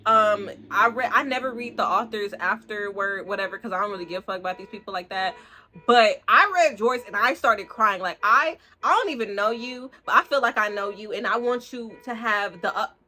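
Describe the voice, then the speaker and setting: A young woman, rambling excitedly in a casual book review, full of fillers and slang. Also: medium pitch, normal speed. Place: room at home, street outside.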